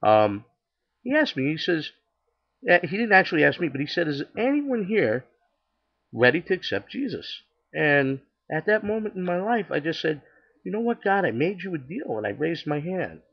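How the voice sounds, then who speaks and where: Gravelly older man telling his story. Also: fairly high pitch, big pitch swings, normal speed, dull audio. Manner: chatty, acts out dialogue, many restarts. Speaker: storyteller sharing his testimony. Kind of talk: casual personal testimony.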